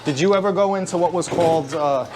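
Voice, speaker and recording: A man's voice: fairly high pitch, fast talker, heavy background noise. A man hosting an interview, steering his guest with probing questions. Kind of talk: casual interview.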